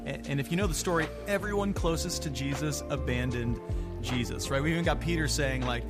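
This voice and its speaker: A man's voice: medium pitch, a little fast, loud music behind the voice. A man, a pastor, speaking earnestly in a conversational sermon and reading scripture aloud.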